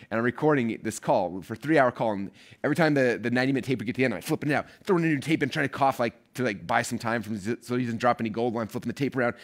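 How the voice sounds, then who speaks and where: A man talks to his viewers at a quick clip, in a voice of middling pitch. He tells a personal story casually and jumps into little acted-out bits of his past self. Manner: fast, animated storyteller who acts out his own past lines. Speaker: online marketing speaker.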